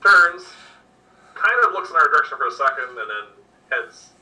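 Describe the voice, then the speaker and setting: A man's voice: on the high side, sing-song, moderate pace, pushed and bright. A man narrating as game master, describing scenes in an easygoing way with lots of fillers. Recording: distant mic with faint noise.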